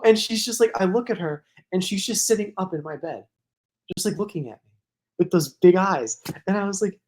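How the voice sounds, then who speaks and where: A man's voice: sits high, moderate pace, a little mellow. A man co-hosting a podcast, telling a long casual story that rambles, full of "like" fillers. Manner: rambling, heavy use of "like", laughs while telling. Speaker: podcast co-host.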